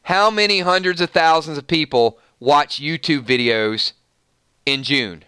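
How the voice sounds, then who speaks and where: A man's voice: fairly high pitch, measured pace, pushed and bright, clear, resonant tone, no room sound. A man with a Southern US accent hosting a livestream, talking straight to his viewers and working himself up into an emphatic rant. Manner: emphatic, gets fired up and rants to viewers. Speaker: YouTube channel host. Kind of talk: livestream commentary and ranting.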